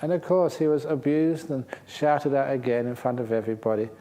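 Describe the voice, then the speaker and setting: Male monk teacher, lively storyteller, mid-pitched voice, relaxed talk. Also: a little fast. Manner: lively storyteller, playful and humorous. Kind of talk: dharma talk with Q&A. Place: retreat centre hall.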